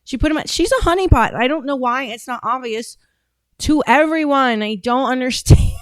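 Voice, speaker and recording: A blunt, rambling woman hosting a political talk show, often breaking off and restarting her sentences. Her voice sits fairly high, and the sound is close and dry with no room echo. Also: lively intonation, normal speed. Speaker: podcast host and political candidate. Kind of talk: casual political commentary.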